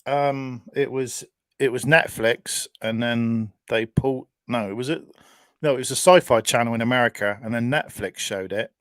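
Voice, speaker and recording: A man's voice: mid-range voice, normal speed, a bit bright, dry recording. A man co-hosting a casual live stream, chatty and often laughing as he greets viewers in the chat.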